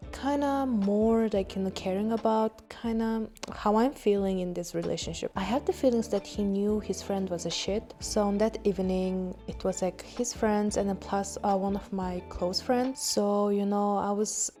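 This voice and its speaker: Young woman, podcast host, candid storytelling, frequent swearing, mellow tone, faint music underneath. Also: medium pitch, moderate pace, hardly any pauses. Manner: frank, swears often, laughs at herself.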